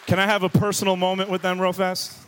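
A man preaching a sermon in a lively, joking and emphatic way, leaning hard on key words. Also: high voice, quick pace, slight background noise. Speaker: pastor.

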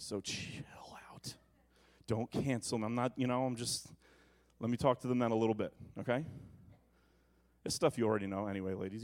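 A male pastor preaching a sermon to his congregation, moving between emphatic proclamation and quiet, joking asides. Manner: preaching, shifting from booming to hushed asides.

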